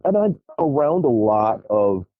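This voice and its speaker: A middle-aged man telling wild stories as a podcast guest, animated and profane, laughing as he goes. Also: lowish voice, measured pace, dry recording. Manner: lively, profane, laughs through his stories. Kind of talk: animated storytelling. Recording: tinny phone-like line.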